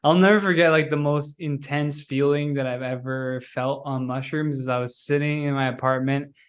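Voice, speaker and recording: A male podcast host telling stories in a casual, animated way, with many "like" fillers. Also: medium pitch, moderate pace. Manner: animated storyteller, heavy use of "like". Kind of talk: casual conversational interview.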